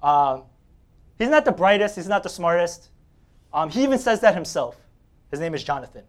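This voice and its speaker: A man's voice: high-pitched, sing-song, normal speed. A man from Staten Island, New York preaching a sermon, telling personal stories in a joking, conversational way and laughing often.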